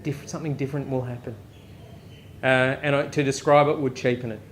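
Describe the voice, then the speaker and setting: A man with an Australian accent preaching a casual, joking sermon at a live chapel service, often tossing in a quick "right?" to the crowd. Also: medium pitch, fairly even intonation, a little hiss or hum. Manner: conversational, joking, frequent "right?" asides. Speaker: pastor.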